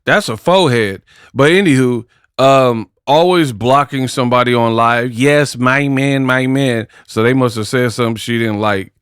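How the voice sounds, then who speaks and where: A man's voice: mid-range voice, moderate pace, a bit bright, smooth, no room sound, studio quality. Mocking man giving slangy boxing commentary. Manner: mocking, slangy, laughs at clips. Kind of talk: casual commentary reacting to clips.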